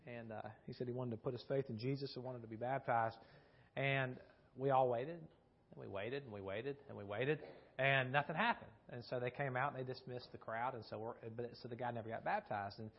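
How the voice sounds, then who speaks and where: Husky guy preaching casual-like, lots of restarts, asks the room stuff, muffled lo-fi recording. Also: medium pitch, brisk. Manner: rambling, frequent restarts and repeated words; asks the audience questions. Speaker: preacher teaching a Bible class. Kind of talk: conversational sermon with storytelling. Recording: dull lo-fi recording.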